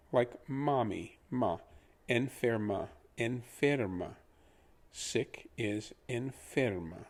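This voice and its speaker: A man teaching pronunciation in a patient lesson, repeating each word slowly for the listener to copy. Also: medium pitch, lively intonation. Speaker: language teacher.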